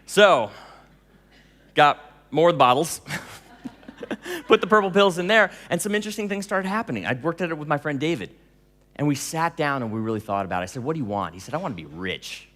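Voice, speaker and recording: A man giving a storytelling talk to an audience, animated, laughing often and acting out dialogue. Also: a little high, a little fast, long pauses, big-room sound. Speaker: speaker telling stories to an audience.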